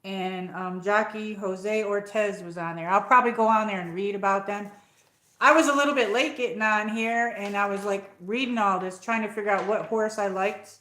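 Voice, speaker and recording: A woman's voice: medium pitch, steady tone, moderate pace, sharp tone, echoey room. Chatty woman streamer, upstate New York accent. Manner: rambling, chatty, reads out viewer comments. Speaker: livestream host. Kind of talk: casual live chat.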